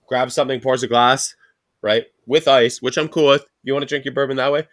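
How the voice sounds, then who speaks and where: A man's voice: mid-range voice, fairly even intonation, a little fast, fairly bright tone. A man co-hosting a casual podcast chat, telling stories and acting out what his coworkers said, swearing often. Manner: storytelling, acts out quoted coworkers, profane. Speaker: podcast co-host.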